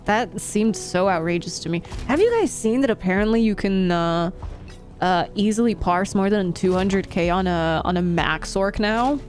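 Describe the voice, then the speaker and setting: A woman's voice: medium pitch, expressive, moderate pace, soft background music. A young woman live streamer chatting casually with her audience, laughing often and reacting to chat.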